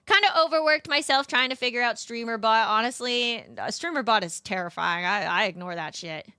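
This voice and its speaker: A woman's voice: a little high, lively intonation, a little fast, few pauses, bright, forceful tone, clean tone, no room sound, clean studio sound. A young woman streaming as a VTuber, chatting in a casual, rambling way with cutesy slang. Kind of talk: casual live-stream chat.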